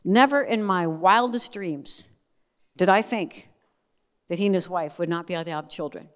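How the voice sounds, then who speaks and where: A woman's voice: fairly low pitch, normal speed. A middle-aged woman giving a sermon, telling a family story with earnest, emotional emphasis that rises and falls. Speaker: speaker at a church service. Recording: long hall reverb.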